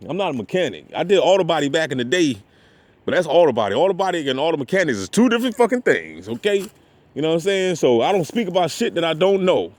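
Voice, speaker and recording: A man's voice: sits high, dry recording. A man talking outdoors in a rambling, profane monologue, heavy on street slang and "you know what I'm saying.". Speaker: vlogger. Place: outdoors at a park parking area.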